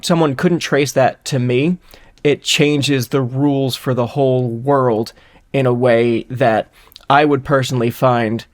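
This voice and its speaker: A man co-hosting a podcast, reasoning through a hypothetical in casual, rambling chat with a wry edge. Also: mid-range voice. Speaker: podcast co-host.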